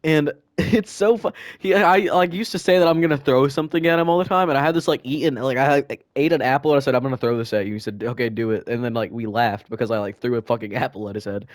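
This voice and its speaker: A man's voice: medium pitch, quick pace, few pauses, no echo, clean studio sound. Rambling, laughing young guy telling school stories. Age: teens. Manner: rambling, laughing, lots of fillers and restarts. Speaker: podcast co-host. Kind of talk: casual storytelling chat.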